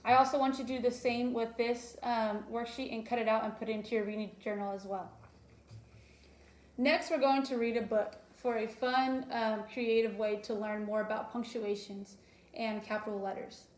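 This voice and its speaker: Young woman, teacher, recorded lesson for small children, patient explaining, lots of ums, slightly high voice. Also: steady tone, normal speed. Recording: roomy echo.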